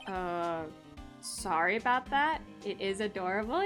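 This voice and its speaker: A young woman chatting on a live game stream, giggly and animated, with a bright, lively voice. She talks at an unhurried pace over faint background music. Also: medium pitch. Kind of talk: casual live-stream chat.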